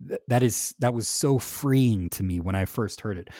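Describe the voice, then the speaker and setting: Guy doing a casual podcast monologue, kinda low voice, chuckles at himself a lot, dry sound. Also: unhurried, few pauses, warm tone, dry recording. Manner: candid, self-deprecating, chuckles often; conversational, with many fillers and restarts. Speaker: podcast host.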